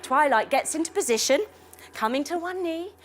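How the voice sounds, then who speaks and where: Through a bedtime story, a woman guides kids in yoga with soft, playful, coaxing directions. Her high voice has a lively lilt and a moderate pace.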